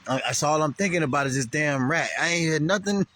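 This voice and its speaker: A man's voice: a little high, fast, fairly bright tone. A man, telling a rambling, profane story to the camera and laughing often.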